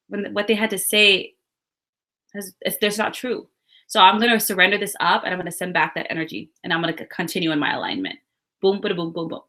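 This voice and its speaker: A woman's voice: medium pitch, fairly quick, pushed and bright. A woman giving a casual, upbeat weekly horoscope and card reading, chatting straight to her viewers. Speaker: astrology and card reader.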